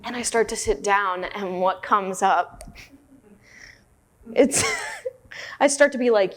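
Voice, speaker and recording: A woman's voice: on the high side, lively intonation, slow pace. A woman giving a dharma talk, telling a personal story in a candid, self-deprecating way. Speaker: meditation teacher.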